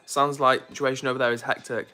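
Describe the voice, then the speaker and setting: A man's voice: medium pitch, little pitch movement, fast, pushed and bright. A young man chatting casually on a live stream, reading viewer comments aloud.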